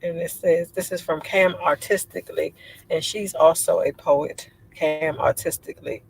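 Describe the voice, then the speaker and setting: Woman, low voice, casual livestream chat, rambling, laughing often. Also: steady tone, normal speed, gravelly, a little hiss or hum, low-quality recording. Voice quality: low voice she says sounds like a man's. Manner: chatty and rambling, laughs often, many fillers. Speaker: livestream host. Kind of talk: casual livestream chat reading viewer comments.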